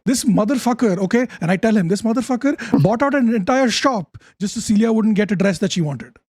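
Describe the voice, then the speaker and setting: A man playing his character at a tabletop game, frustrated and stumbling, swearing as he goes. His voice is fairly high yet dark and husky. The sound is dry and close. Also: animated, fairly quick, no echo. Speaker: player. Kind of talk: in-character tabletop role-play.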